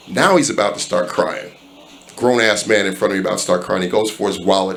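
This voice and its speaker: Bright-voiced man telling stand-up stories. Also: low voice, quick pace, gravelly, a little hiss or hum. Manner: animated storyteller, acts out quoted dialogue. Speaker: stand-up comedian. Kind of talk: stand-up storytelling. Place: comedy club stage.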